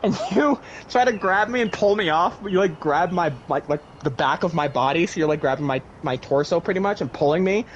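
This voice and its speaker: A young man in casual chat, retelling a wild dream and acting out its voices with lively swearing. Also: on the high side, fairly quick, hardly any pauses. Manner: animated storyteller, acts out voices, swears casually. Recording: dull lo-fi sound with faint noise.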